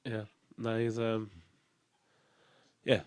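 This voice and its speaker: Soft-spoken man, low voice. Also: monotone, extremely slow, clear, resonant tone, no room sound. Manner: hesitant, many fillers and restarts, soft-spoken. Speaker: podcast host. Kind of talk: casual reminiscing chat.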